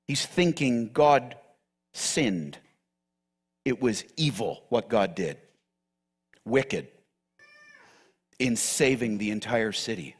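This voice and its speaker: A man preaching a sermon as pastor, teaching from the Bible with emphatic, animated delivery. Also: mid-range voice, slow pace, long pauses, breathy edge.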